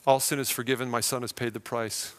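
A man's voice: medium pitch, flat delivery, fairly quick, voice pushed down, lightly acted. A man voicing a loving male divine judge who gives his verdict plainly. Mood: calm. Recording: long hall reverb.

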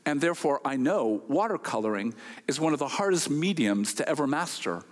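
A man telling a story to an audience with a moral point, animated and wry, full of rhetorical questions. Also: on the high side, brisk, long reverb tail. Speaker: speaker addressing an audience.

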